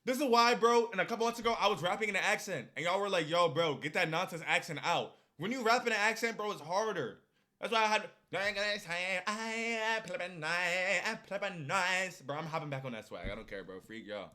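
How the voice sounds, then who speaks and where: A young man streaming a casual music reaction, excitable and loud, swinging between low mumbles and sudden shouts. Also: fast talker.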